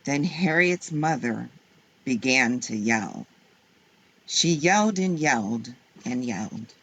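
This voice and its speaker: Woman reading kids' books aloud, slow, husky and gravelly, very expressive. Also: very deep voice. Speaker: storyteller.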